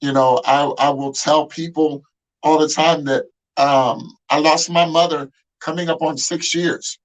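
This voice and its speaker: A man's voice: on the high side, steady tone, a little slow, poor audio. A man hosting a podcast interview, speaking earnestly and using many fillers. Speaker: podcast host. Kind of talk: conversational interview.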